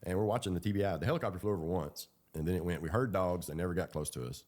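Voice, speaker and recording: Low-voiced guy rambling thru a story, casual, lots of ums. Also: rapid-fire, a little mellow. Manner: rambling, colloquial, with fillers and laughs. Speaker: ex-prisoner telling his story.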